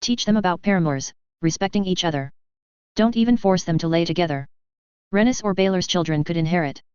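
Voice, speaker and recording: A woman voicing a calm, thoughtful noblewoman and mother who speaks in a reasoning way. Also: on the low side, brisk, clean tone, no echo, close to an everyday voice. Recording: dry, slightly dull recording.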